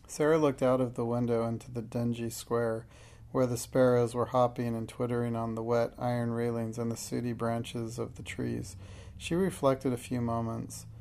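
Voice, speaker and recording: A man reading a children's novel aloud as audiobook narration, measured and even. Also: mid-range voice, creaky. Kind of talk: scripted narration.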